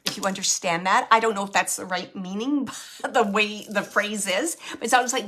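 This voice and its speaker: A woman medium giving a live reading to an audience, talking in halting bursts full of fillers and relaying a spirit's words. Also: medium pitch, fairly bright tone.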